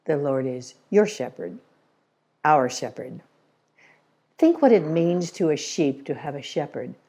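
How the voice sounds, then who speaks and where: An older woman speaks at a church gathering in a folksy, storytelling way and drops in wry little jokes. Her voice is mellow and warm and sits a bit low. She sometimes stumbles over repeated words when she gets caught up in a story. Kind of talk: conversational church talk.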